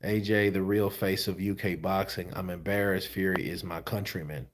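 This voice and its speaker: A man's voice: low voice, steady tone, normal speed, slight background noise. A tired man hosting boxing commentary, reading viewer comments in a loose, slangy, laid-back way. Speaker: host of a boxing news channel.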